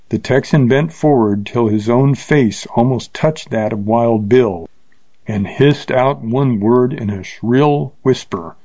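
A man reads an old Western adventure aloud at a steady, measured pace. His tone is mellow and warm, the recording is dry with no room echo, and the sound is a little dull. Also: medium pitch. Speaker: narrator. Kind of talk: audiobook narration.

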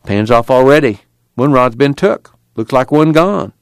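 Brief: man reading as a rough, impatient working man, gruff and blunt, animated delivery. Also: medium pitch, a little slow, no echo, voice pushed up.

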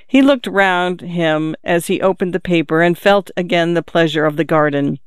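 An audiobook narrator reading a literary novel in a measured, even storytelling manner. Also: medium pitch, clean tone, dry recording, clean studio sound.

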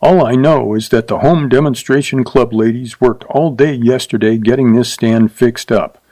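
A man's voice: mid-range voice, moderate pace, dark tone, close to an everyday voice. A man voicing a feisty young woman in her twenties who speaks sharply and accusingly in a storybook reading.

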